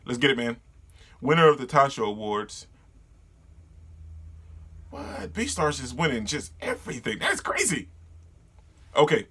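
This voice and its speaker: A man doing a casual readthrough of a manga, reacting excitedly, laughing and stumbling over names. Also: mid-range voice, unhurried, long pauses, slightly rough. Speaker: manga reader and reviewer.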